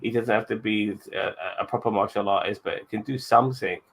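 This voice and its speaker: A man's voice: lowish voice, steady tone, fairly quick, vocal fry, fairly bright tone, slight background noise. A man co-hosting a casual movie review chat, blunt and emphatic, swearing heavily. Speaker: podcast co-host.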